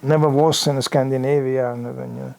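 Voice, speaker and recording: A man's voice: mid-range voice, normal speed, creaky. An older man giving a sermon in a temple hall, spinning a vivid anecdote. He talks loosely and conversationally, dotted with "you know", and acts out the bumps and noises he describes. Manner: lively anecdotal telling with many "you know" asides and acted-out sound effects. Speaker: visiting preacher. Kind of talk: storytelling sermon.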